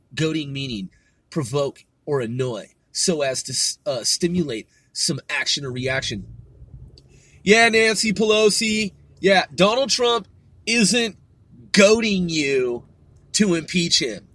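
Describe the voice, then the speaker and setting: A man delivering a profane political rant, crude and full of swearing, filler words and "dude", swinging from muttering to shouting. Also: high voice, no room sound. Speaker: political commentator.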